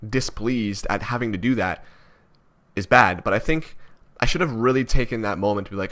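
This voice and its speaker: A man's voice: fairly low pitch, normal speed, fairly bright tone. A young man from Canada talking through his thoughts in a personal vlog, rambling and self-critical with many restarts. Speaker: vlogger.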